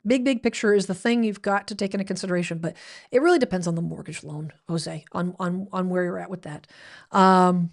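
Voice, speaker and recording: A woman's voice: on the low side, brisk, gravelly. A woman hosting her weekly livestream, talking casually and rambling a little as she answers viewers' comments. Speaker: livestream host.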